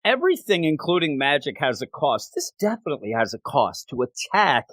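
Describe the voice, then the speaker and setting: A man with a fairly high voice hosts a casual manga podcast. His pitch swings widely as he talks, and he keeps breaking into quotes from the characters. The sound is dry and close, with almost no room echo. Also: a little fast. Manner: animated, slips into quoting characters. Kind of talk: casual podcast review chat.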